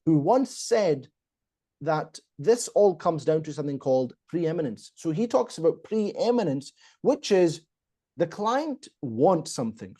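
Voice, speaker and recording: A man's voice: on the high side, mellow. A man, a public speaking coach explaining techniques emphatically as a podcast guest. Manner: emphatic, explanatory, acts out examples. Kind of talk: conversational teaching on a podcast.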